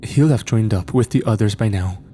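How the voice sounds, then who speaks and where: A man's voice: fairly low pitch, a little fast, warm tone, slight background noise, close to an everyday voice. A man voicing a frightened teenage boy who stutters and pleads, in a spoken horror story. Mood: nervous.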